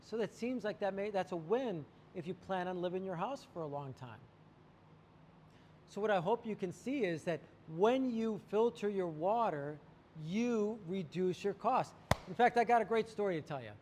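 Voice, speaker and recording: Man, high voice, salesman, animated storytelling, reverberant room. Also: normal speed, a little hiss or hum. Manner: animated storyteller, acts out client quotes. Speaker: water treatment salesman. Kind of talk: sales talk to camera.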